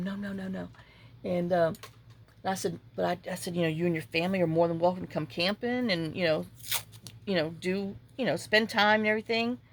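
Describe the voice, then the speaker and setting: A woman's voice: fairly low pitch, vocal fry. Rambling woman telling a story. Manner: rambling storytelling, reenacting conversations. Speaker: junk journal crafter. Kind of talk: casual chat while crafting.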